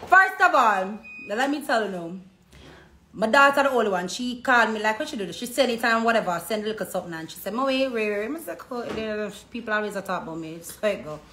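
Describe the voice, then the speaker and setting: Speaking a little high and a little fast, a woman with a Jamaican accent chats casually over a phone livestream from a hair salon. She's a social media personality who narrates in lively patois, imitating the people in her stories. The recording is echoey with faint noise behind.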